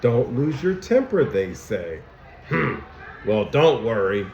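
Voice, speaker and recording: A man voicing Anger, a grumpy male emotion character, with a growly, gruff, emphatic delivery, reading a picture book aloud to young children. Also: medium pitch, big pitch swings, slow pace, background noise, exaggerated voice. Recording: dull, echoey room recording.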